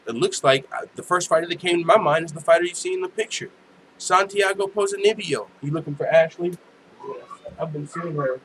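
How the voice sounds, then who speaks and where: A young man riffs his way through a home live stream, casual and profane, laughing as he goes. His voice sits a touch high, and a faint hiss of background noise runs under him. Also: fairly bright tone, rough recording. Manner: loose, profane, laughs often. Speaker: host. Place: home room.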